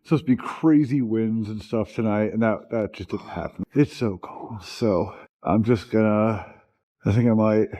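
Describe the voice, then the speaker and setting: A man's voice: fairly low pitch, normal speed, mellow. Young guy vlogging in the freezing cold, joking around, lots of likes and ums, handheld cam. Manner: joking, rambling, lots of fillers and restarts. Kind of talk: casual camping vlog. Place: outdoors and in a cold open farm building in winter.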